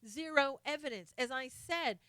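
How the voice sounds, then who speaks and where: Bright, forceful woman hosting a stream. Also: sits high, moderate pace, dry recording. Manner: impassioned, greets viewers by name. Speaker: live stream host. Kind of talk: political commentary live stream.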